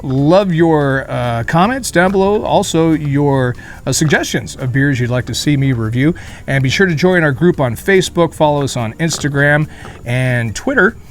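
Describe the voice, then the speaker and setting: A man's voice: fairly high pitch, lively intonation, moderate pace, a little hiss or hum. Chatty man reviewing beer outdoors. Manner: chatty, rambling, jokey asides with fillers. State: sweating in the heat. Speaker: beer reviewer, channel host. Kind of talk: casual beer review vlog. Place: outdoor beer garden in hot weather.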